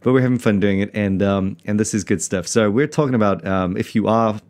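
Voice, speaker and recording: Very deep-voiced rambling man. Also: brisk, darkish tone. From South Africa. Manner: rambling, self-mocking, many fillers and restarts. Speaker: podcast host, pastor. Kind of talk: casual podcast chat.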